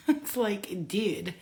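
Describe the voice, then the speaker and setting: A woman talks straight to the camera in a loose, chatty vlog about her spiritual life. She laughs often, swears freely and slips into quick put-on voices as she acts out what other people say. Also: mid-range voice, a little mellow. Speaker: spiritual vlogger. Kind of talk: casual monologue.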